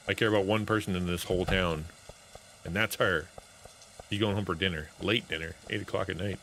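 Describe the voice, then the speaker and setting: A man's voice: low voice, fairly even intonation, fairly quick, fairly bright tone, soft background music. A man streaming a game, giving playful, jokey live commentary and talking to his chat. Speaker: streamer and pastor.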